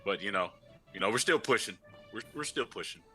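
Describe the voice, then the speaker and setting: A man's voice: fairly low pitch, animated, brisk, pushed and bright. A young man playing in a tabletop game, joking and laid-back. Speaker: player. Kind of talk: tabletop role-play. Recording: faint music behind voice.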